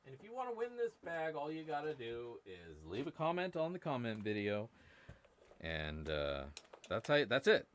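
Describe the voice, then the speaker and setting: A man's voice: mid-range voice, huge pitch swings, moderate pace, fairly bright tone, a little hiss or hum. A man hosting a casual live stream, joking and rambling to his viewers while he works at a workbench. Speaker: live-stream host prospecting for gold. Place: indoor workbench.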